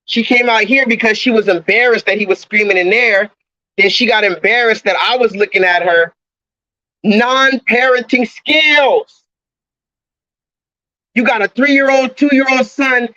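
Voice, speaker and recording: A man with a high, bright voice rants into his phone on a live stream, circling back over the same points in an agitated way. The sound is dry and close, with a dull, lo-fi phone quality. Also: unhurried, dry recording. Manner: agitated, repetitive ranting, swears often. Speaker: livestreamer. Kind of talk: ranting live stream monologue. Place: outdoors near a coffee shop. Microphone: phone held at arm's length.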